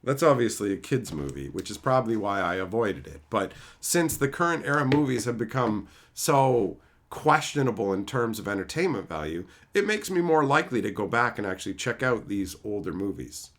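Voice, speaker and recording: A man's voice: fairly low pitch, normal speed, few pauses. A man streaming live and casually answering chat about movies, rambling and swearing freely as he talks. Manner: rambling, profane, animated.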